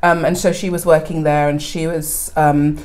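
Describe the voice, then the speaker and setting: A woman, a podcast guest chatting casually with many fillers, breaking into animated laughter when telling stories. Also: low-pitched, normal speed. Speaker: podcast guest, coffee educator. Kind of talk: casual interview chat.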